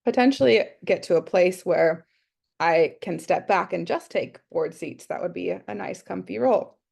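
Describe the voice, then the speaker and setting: A woman's voice: fairly low pitch, normal speed, gravelly, a little mellow, breathy edge. An Australian woman presenting an online workshop on a video call, chatty and thinking aloud with lots of fillers. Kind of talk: casual online workshop talk.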